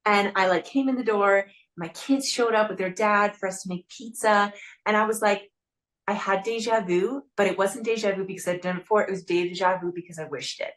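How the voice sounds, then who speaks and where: A woman's voice: mid-range voice, fairly quick, fairly bright tone. A woman hosting a podcast in casual interview talk, heartfelt and chatty, with lots of "like" fillers. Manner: heartfelt, chatty, leans on "like" a lot. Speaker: podcast host.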